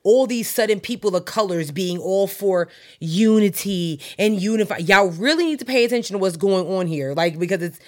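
A woman's voice: medium pitch, normal speed, a little mellow. A young adult woman podcast co-host, making her point emphatically in casual chat. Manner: emphatic, opinionated explaining.

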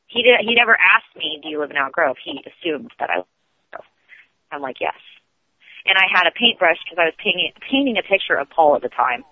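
Man, high voice, rambling, restarts, phone line, dry. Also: sing-song, a little fast, slightly rough, no room sound. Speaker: guest on a radio show. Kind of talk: casual storytelling on a call-in.

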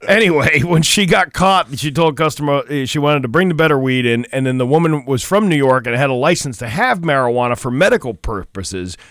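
A man's voice: a little high, lively intonation, fairly quick, few pauses, a bit bright, dry recording. Guy cohosting local radio, bouncy voice, rambles and laughs, dry close mic. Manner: loose, rambling, laughs often, trails off. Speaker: radio co-host. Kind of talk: casual banter reading news items.

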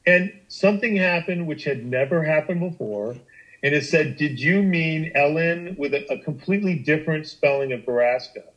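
A middle-aged man telling a personal story on a podcast, animated and emphatic, with frequent restarts and swearing. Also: on the high side, moderate pace, dull audio. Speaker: guest storyteller.

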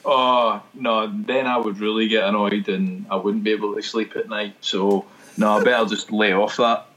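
A man co-hosting a casual football podcast, speaking in a fairly low voice. He mostly answers his partner with short agreeing replies. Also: steady tone, moderate pace, fairly bright tone, rough recording. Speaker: podcast co-host.

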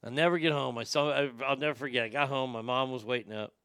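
A man's voice: medium pitch, steady tone, fast, bright, forceful tone, smooth, no echo, studio quality. A man from Texas, a talk show host, telling a story in a blunt, profane, laid-back way. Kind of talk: casual storytelling chat.

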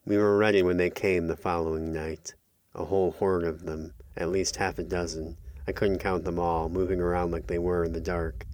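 Deep-voiced man narrating a horror story. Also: flat delivery, moderate pace, a little mellow, no room sound.

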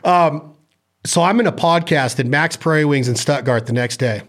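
Casting: a man, a bit high-pitched, spinning an animated story in casual chat, swearing as he goes. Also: moderate pace.

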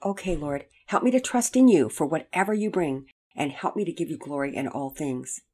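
A woman's voice: low-pitched, lively intonation, moderate pace, breathy edge. A woman voicing a young boy praying silently and earnestly before he bats. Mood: earnest prayer. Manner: quiet heartfelt prayer.

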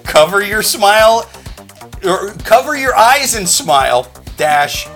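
Guy doing a dorky earnest dude reading his pickup line real slow, bright voice. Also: high voice, very animated, soft background music, full character voice. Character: earnest, awkward adult man reciting a clumsy pickup line.

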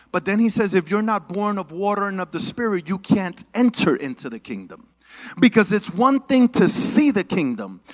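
A man with a high-pitched voice preaching in church. He moves between lively, almost sung emphasis and casual, joking asides, often calling on the congregation to answer back. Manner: animated, call-and-response with the congregation. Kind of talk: sermon.

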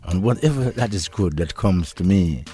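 Older Jamaican deejay, lively voice. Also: male voice, sits low, slightly rough. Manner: laid-back, laughs often, drawn-out phrases. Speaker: interview guest, reggae deejay. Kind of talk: relaxed reminiscing conversation. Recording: interview with faint music behind.

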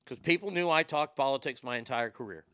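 A man's voice: medium pitch, fast talker, sharp tone, clear, resonant tone, no room sound, studio quality. A male show host delivering profane, sarcastic political commentary, with boastful asides.

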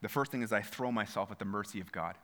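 A man's voice: on the low side, fast talker, a bit bright. A man preaching a sermon in a church, earnest, often repeating phrases and speaking straight to his listeners. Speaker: pastor.

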